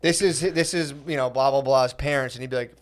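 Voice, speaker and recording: A man's voice: mid-range voice, brisk. A man in his thirties co-hosting a podcast, telling stories in a casual chat, laughing as he goes and acting out what people said. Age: 30s. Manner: laughs through his own stories, acts out quoted voices. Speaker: podcast co-host.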